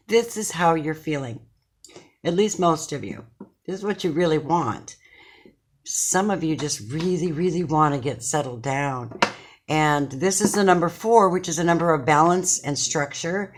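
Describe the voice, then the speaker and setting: A woman's voice: low-pitched, slight background noise. A middle-aged woman giving a casual tarot reading to her viewers from her chair at home, talking in an effusive, affectionate, chatty way. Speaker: tarot card reader.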